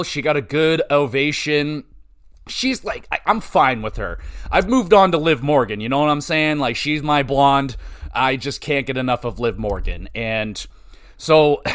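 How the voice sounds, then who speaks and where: A man hosting a podcast, giving a casual solo wrestling review, profane, rambling and excitable. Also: fairly high pitch. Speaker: podcast host.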